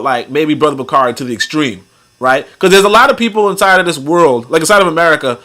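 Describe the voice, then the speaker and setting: A man's voice: a little high, bright, forceful tone. A man hosting a podcast, talking in loose, rambling commentary, with heavy use of fillers and some swearing. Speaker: podcast host. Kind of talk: casual commentary.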